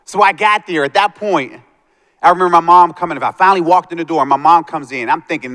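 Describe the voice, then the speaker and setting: A man's voice: a little high, fast talker, fairly bright tone. A man giving a motivational talk to students, telling his life story and acting out the voices of the people in it. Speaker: motivational speaker. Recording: long hall reverb.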